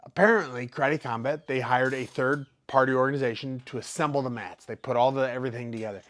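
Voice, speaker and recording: A man's voice: mid-range voice, fast talker, a bit bright. A professional fighter telling a casual story, acting out quotes and sound effects as he goes.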